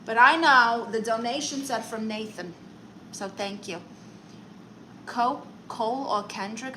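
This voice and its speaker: Bright, chatty woman live-streaming. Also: on the high side, a little hiss or hum, rough recording. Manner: chatty, playful, mock-serious. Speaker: comedic livestream host. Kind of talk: live stream chat, reading viewer comments.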